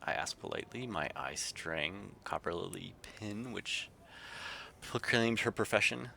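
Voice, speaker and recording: A man's voice: lowish voice, expressive, unhurried, gravelly, pushed and bright, slight background noise. A man livestreaming a game, reading its text aloud and chatting casually with viewers. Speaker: streamer.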